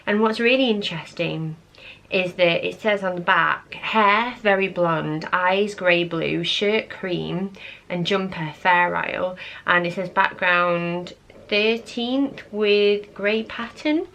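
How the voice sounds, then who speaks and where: Chatty woman vlogger with a gravelly edge. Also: lowish voice, slow, a bit bright. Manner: chatty and nostalgic, lots of "like" and "oh my gosh". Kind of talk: casual chat to camera.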